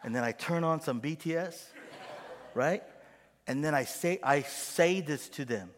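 A middle-aged man preaching a sermon as pastor, animated and acting out quoted voices with gasps. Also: fairly high pitch, unhurried, in a large hall, slight background noise.

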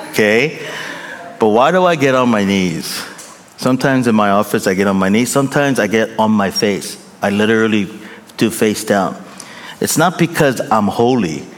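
A middle-aged male pastor preaching a sermon, animated and emphatic, repeating phrases for effect. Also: fairly low pitch, a little hiss or hum. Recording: long reverb in large hall.

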